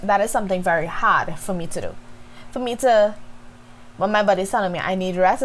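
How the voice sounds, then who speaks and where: A woman's voice: medium pitch, a little hiss or hum, rough recording. A woman hosting a reflective faith podcast, talking candidly and directly to her listeners. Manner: candid, conversational, addresses listeners as y'all. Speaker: podcast host.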